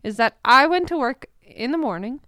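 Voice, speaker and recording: Young woman, casual chat, clear smooth tone, laughs easily, dry close recording. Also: sits high, lively intonation, moderate pace, pushed and bright, dry recording. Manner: chatty, laughs, breaks into giggles. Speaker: co-host, partner of the other speaker.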